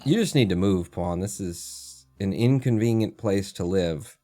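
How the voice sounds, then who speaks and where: A man's voice: low voice, unhurried, dark tone, faint music behind. A man streaming a video game, chatting casually and muttering to himself as he plays, with the odd swear word. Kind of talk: casual gameplay commentary.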